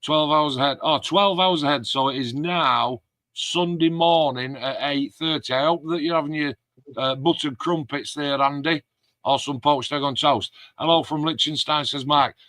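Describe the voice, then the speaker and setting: A man's voice: fairly high pitch, moderate pace, sharp tone, no echo. Chatty man hosting a live stream. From England. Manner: chatty, reads out viewer comments. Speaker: host of a model-building live stream. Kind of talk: casual live-stream chat.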